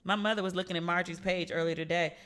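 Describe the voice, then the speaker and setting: A woman hosting a casual solo podcast, telling stories with playful, animated asides. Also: fairly low pitch, rapid-fire, smooth. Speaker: podcast host.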